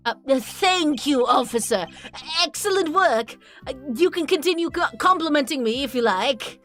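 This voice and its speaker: A woman's voice: high voice, animated, normal speed, fairly bright tone, soft background music, pitched above the performer's own voice. A woman voicing a pompous, bumbling male prosecutor in a game, stammering with self-importance.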